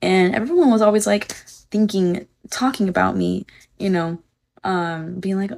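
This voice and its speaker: A woman's voice: medium pitch, normal speed, a little mellow. A young woman chatting casually on a phone livestream, rambling on tangents, swearing freely and reading viewer comments aloud.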